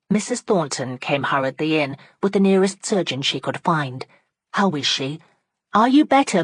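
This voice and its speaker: Woman narrator, lower register, steady and measured, dry close recording. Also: dry recording. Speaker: audiobook narrator. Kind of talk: scripted narration.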